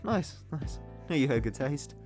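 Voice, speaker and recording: A man's voice: medium pitch, animated, unhurried, over music, lightly acted. A man voicing a teasing, confident young college guy with a cheesy charm, in a put-on British accent. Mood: mellow. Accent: attempted British. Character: teasing cocky young male college date.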